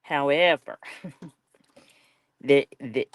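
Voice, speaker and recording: A woman's voice: rumbling low, very slow, dry recording. A woman with a Southern US accent hosting a live crafting stream, chatting casually and folksily with viewers as she works and reads their comments.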